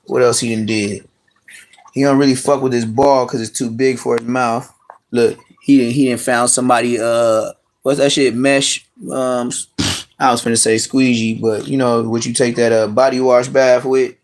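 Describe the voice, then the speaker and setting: A man's voice: mid-range voice, little pitch movement, normal speed. Man rambling on a live stream. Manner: rambling, profane, slangy. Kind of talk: casual live-stream chat. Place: at home with his dogs.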